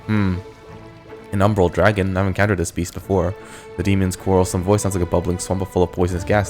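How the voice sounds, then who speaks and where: A man hosts a let's play, reading the game's text aloud and dropping casual jokes in between. His voice sits low and he talks fast, with faint game music in the background. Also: level tone, a little mellow. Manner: casual, joking asides.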